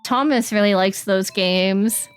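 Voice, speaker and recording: A woman streaming a game, chatting casually and reading the dialogue aloud in quick playful voices. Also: mid-range voice, clear, resonant tone, faint music behind.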